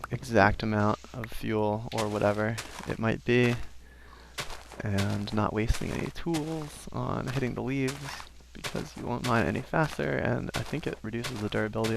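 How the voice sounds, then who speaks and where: A man's voice: medium pitch, creaky, noisy background. A young man giving casual, rambling commentary over a video game, with frequent self-aware asides. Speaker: gaming commentator. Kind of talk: casual let's-play commentary.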